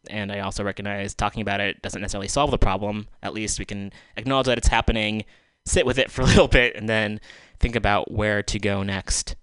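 A man's voice: lowish voice, fairly even intonation, fast talker, fairly bright tone, clean tone, dry recording. A male radio host giving solo commentary in a studio, exasperated and sarcastic, swearing as he vents, speaking into a handheld microphone. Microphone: handheld microphone taken off the stand.

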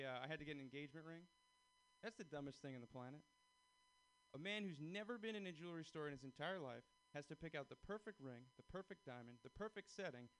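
A young man performs a stand-up comedy set, his voice sitting a little high. He talks animatedly and jumps into other people's lines as he tells his stories. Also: fairly bright tone, low-quality recording.

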